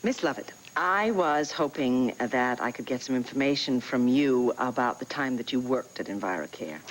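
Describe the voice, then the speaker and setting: A determined woman pleads urgently for access to old files. Her voice sits low but swings widely in pitch. She presses on, never taking no for an answer. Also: lively intonation, moderate pace, poor audio. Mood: eager. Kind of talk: 1980s soap opera acting.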